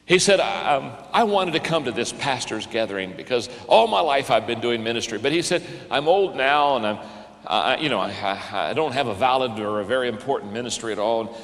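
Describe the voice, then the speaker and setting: Older man, pastor, earnest storytelling sermon, bright tone, long hall reverb. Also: medium pitch, lively intonation, brisk. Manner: earnest, repeats himself when stirred. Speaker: pastor and leadership speaker.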